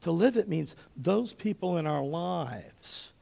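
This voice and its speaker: A man in his fifties preaching a sermon as pastor, telling stories with big swings between loud and hushed, often checking in with "okay?". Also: a little high, slow pace, gravelly. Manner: animated storyteller, often checks in with "okay?", drops to a hush for quotes.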